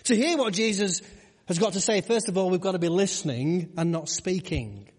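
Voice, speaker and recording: A man's voice: high voice, expressive, moderate pace, husky. A man preaching a conversational sermon, full of rhetorical questions and asides to the congregation. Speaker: pastor. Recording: long hall reverb.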